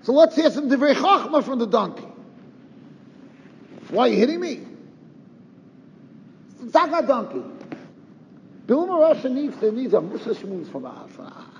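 A man giving a Torah lecture, firing off rhetorical questions and sprinkling in Yiddish and Hebrew terms. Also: high-pitched. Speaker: Torah teacher. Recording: roomy reverb, dull lo-fi sound, faint noise.

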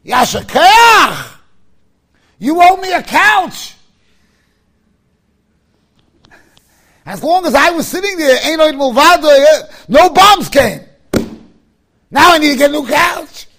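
A man acting out the voice of an elderly male rabbi who exclaims loudly and emphatically. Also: very high voice, very animated, a little slow, voice pushed up, exaggerated voice. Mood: indignant.

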